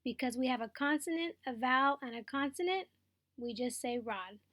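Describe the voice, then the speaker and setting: A woman's voice: high-pitched, normal speed, a bit bright, no room sound. A woman teaching a phonics lesson, explaining patiently step by step and checking in with her students.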